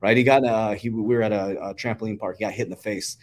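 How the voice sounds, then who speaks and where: A man's voice: fairly low pitch, fairly even intonation, slight background noise. A man in his thirties in casual conversation, telling emphatic stories with some swearing. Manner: fast, emphatic storytelling with swearing.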